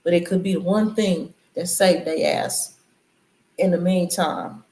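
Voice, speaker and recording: A woman's voice: on the low side, steady tone, unhurried, darkish tone. Woman preaching casually in an echoey room. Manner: loose, conversational, preachy riffs. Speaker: channel host. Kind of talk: casual spiritual commentary.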